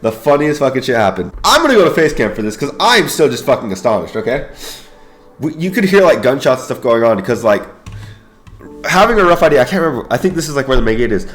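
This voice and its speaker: Fast-talking, profane young man. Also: medium pitch, faint music behind. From United States. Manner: profane, slangy, excitable, keeps saying bro. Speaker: YouTuber and Air Force veteran. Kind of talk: casual storytelling.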